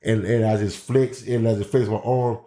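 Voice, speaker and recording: A man's voice: lowish voice, steady tone, moderate pace, dark tone. Rambling man telling stories. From Memphis, Tennessee, USA. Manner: loose, rambling, many restarts and fillers. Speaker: pro wrestler, guest host. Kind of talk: casual storytelling chat.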